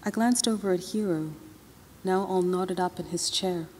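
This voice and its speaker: Woman author, literary reading, drawling colloquial narration, mellow tone, podium mic, long hall reverb. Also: lowish voice, normal speed, a little hiss or hum. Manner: first-person narration in loose, drawling colloquial dialect. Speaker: author reading from her novel. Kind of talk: literary reading at an awards ceremony. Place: large ceremony hall.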